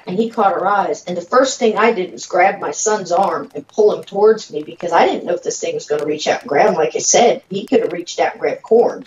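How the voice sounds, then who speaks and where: A woman telling a personal story in a casual, halting way, with fillers and pauses. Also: on the low side, slight background noise. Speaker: guest storyteller. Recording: distant, dull audio in a roomy space.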